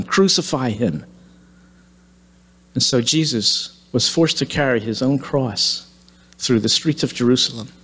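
A man's voice: mid-range voice, fairly bright tone. A man preaching, retelling a story dramatically and acting out the quoted lines. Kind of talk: sermon storytelling. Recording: long hall reverb.

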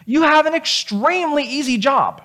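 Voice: high-pitched, normal speed, pitched above the performer's own voice. God giving orders, as a preacher puts him on. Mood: urging. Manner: emphatic, animated storytelling. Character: God giving a specific errand, calm and encouraging.

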